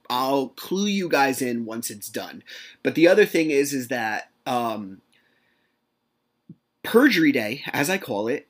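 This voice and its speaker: A man hosting a solo podcast, chatting casually and telling stories animatedly, reenacting conversations and swearing now and then. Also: mid-range voice. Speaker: podcast host.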